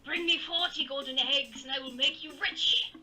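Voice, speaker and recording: A woman voicing a boastful male rock creature who gives orders, in a raspy put-on voice, recorded on a laptop's built-in mic. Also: high voice, moderate pace, sharp tone. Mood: commanding. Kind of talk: game narration voice-over. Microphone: laptop internal microphone. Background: game music.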